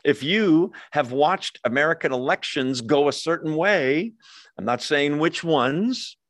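A man's voice: lively intonation, a little slow, fairly bright tone, no room sound. Man teaching Bible study, dry close sound. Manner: conversational, asks and answers his own questions; acts out quoted lines with raised pitch.

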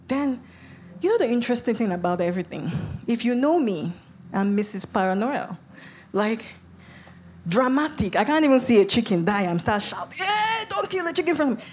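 A woman's voice: a little high, slight background noise. A woman preacher telling her testimony in a sermon, dramatic and vivid, with sudden emphatic bursts. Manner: speaks in tongues.

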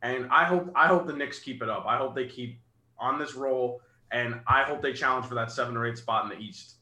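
Earnest sports co-host, man, bright edgy voice, echoey room. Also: mid-range voice, a little fast. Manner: earnest, rattles off stats. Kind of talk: casual sports chat.

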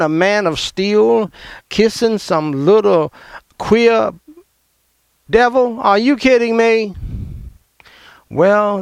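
A man preaching a fiery sermon as pastor, emphatic and confrontational, with sudden loud outbursts. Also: high voice, creaky, no room sound, studio quality.

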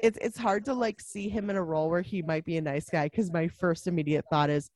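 A woman in casual conversation about a film, animated, laughing often and acting out characters' lines. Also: fairly low pitch, brisk, no echo. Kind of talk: casual movie discussion.

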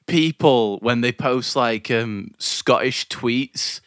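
A man's voice: medium pitch, takes it slowly, a bit bright, no room sound, clean studio sound. A man from Britain ranting in casual chat, swearing a lot and laughing often.

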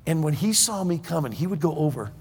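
A man from northern Michigan preaching with folksy, animated storytelling that bursts into shouts. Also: on the high side, fast, long reverb tail, slight background noise. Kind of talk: storytelling sermon.

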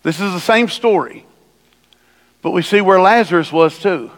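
A male pastor preaching a sermon, swinging from hushed asides to loud, lively emphasis. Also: sits high, moderate pace, big-room sound. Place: church sanctuary.

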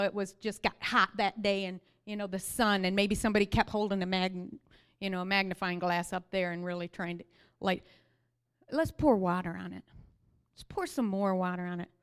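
Woman playing a loud, jeering old prophet. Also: high voice, clean tone. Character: mocking old male prophet, bold and scornful.

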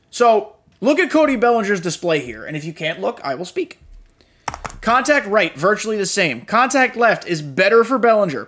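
A young man with a notably high voice talks through a casual gaming podcast. He is tired and a little drained, yet blunt and frustrated, dropping swears freely. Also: fairly bright tone. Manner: blunt and profane, frustrated asides. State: tired, yawning. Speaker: podcast host.

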